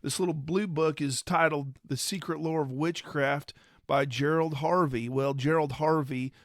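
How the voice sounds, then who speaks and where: A man co-hosting a podcast, explaining ideas in a conversational, measured way. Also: fairly high pitch, steady tone, no room sound, clean studio sound. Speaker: podcast co-host. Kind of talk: casual explanatory discussion.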